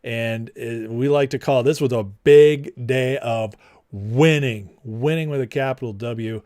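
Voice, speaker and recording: A man's voice: mid-range voice, measured pace, a little mellow, dry recording, studio quality. A man hosting a casual political livestream, mocking and laughing often as he greets his chat by name. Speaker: livestream host.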